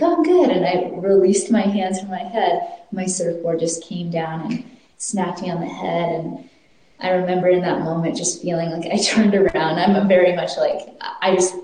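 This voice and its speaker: Woman telling her own story, earnest, kinda low and mellow voice, lots of restarts. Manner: earnest and reflective, with frequent restarts. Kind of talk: personal storytelling. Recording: very echoey room.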